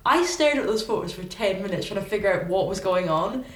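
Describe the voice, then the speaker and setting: A woman with a stuffy cold, co-hosting a podcast and telling chatty, animated stories. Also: medium pitch, fairly quick, echoey room. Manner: chatty, animated storytelling with swearing. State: congested with a cold. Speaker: podcast co-host. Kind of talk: casual chat.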